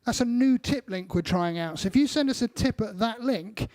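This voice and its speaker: A man's voice: high-pitched, lively intonation, moderate pace, darkish tone. A man, a band member, casually explaining things to viewers on a live stream.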